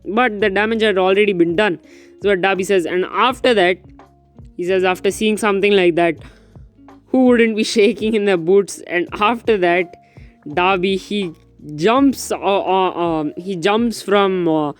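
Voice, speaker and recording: A man's voice: sits high, measured pace. Rambling young man recapping a chapter. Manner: rambling, filler-heavy, excitable. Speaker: manga reviewer. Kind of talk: casual manga chapter recap. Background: faint background music.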